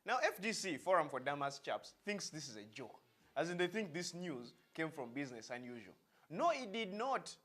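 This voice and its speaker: A man's voice: a little high, very animated, normal speed, a bit bright. A man with a Ugandan accent, hosting a satirical news segment with sarcastic, mock-serious delivery. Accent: Ugandan English.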